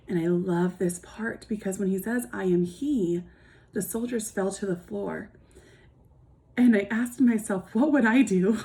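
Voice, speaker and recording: A woman's voice: medium pitch, darkish tone. A woman giving an earnest devotional reflection, speaking casually with restarts and asking her listeners many searching questions.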